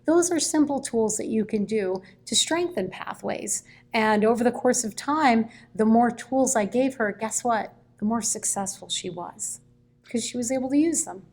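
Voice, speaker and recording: A woman educator tells a classroom story with real animation, her voice rising and falling as she goes. Her voice sits a little higher than most women's. She talks through it as a guest in a relaxed conversation. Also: moderate pace, soft background music.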